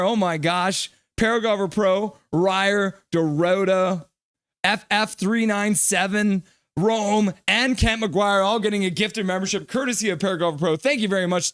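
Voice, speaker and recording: Excitable high-voiced man calling hockey. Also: no room sound, clean studio sound. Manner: excitable play-by-play, reads chat aloud. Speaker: live stream host. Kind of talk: live hockey reaction stream.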